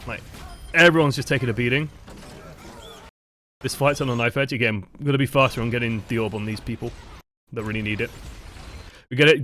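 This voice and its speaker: A man's voice: mid-range voice, fairly bright tone, slight background noise. A man commentating on gameplay footage as a coach, explaining step by step and answering his own rhetorical questions. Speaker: game coach reviewing footage.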